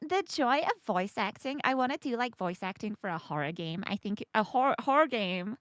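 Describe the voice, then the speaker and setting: A woman's voice: fairly high pitch, lively intonation, moderate pace, fairly bright tone, no room sound, studio quality, voice pushed up. A woman voicing a bubbly, ditzy young valley girl who giggles and fills every phrase with "like.". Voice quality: airy, giggly, lots of "like". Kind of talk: streamer voice acting bit.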